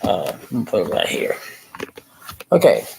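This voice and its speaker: A man rambling and halting through a casual livestream chat from a room in a rehab facility. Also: fairly low pitch, wildly swooping pitch, creaky, dark tone, a little hiss or hum, rough recording. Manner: halting, rambling, repeats himself.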